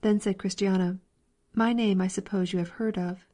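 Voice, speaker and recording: A woman narrates a classic allegory in a calm, measured storybook reading. Her tone is mellow and warm, at a middle pitch. She keeps the characters' voices close to her own. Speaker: reader.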